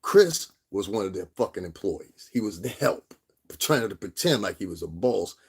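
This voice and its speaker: A man from Connecticut telling a long, profane story as a lecture to his viewers, sometimes mimicking others in a high voice. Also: expressive, normal speed, breathy edge. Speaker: vlogger. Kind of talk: angry storytelling rant.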